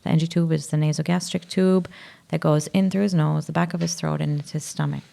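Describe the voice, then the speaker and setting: Gravelly-voiced Maltese woman, halting and soft. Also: deep voice, fairly even intonation. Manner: halting, searching for words, drops to a whisper. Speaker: podcast guest. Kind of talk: emotional personal conversation.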